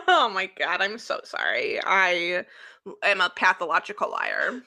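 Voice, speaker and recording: A woman's voice: fairly low pitch, wildly swooping pitch, a little slow, bright, forceful tone. A woman co-hosting a podcast, chatting casually and playfully about a movie, giggling and poking fun at herself, recorded over a remote call. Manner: giggly, playfully self-mocking. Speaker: podcast co-host.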